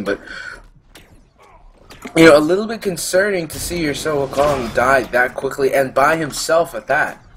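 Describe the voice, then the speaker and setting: Man, esports color caster, mid-pitched, conversational and halting, faint background hum. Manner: conversational, hesitant, with fillers and restarts. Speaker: esports commentator. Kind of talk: game analysis commentary.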